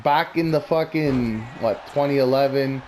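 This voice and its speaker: A man's voice: medium pitch, measured pace, a little mellow, a little hiss or hum. A man talking casually and bluntly, rambling through opinionated predictions with plenty of swearing. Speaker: wrestling commentary vlogger.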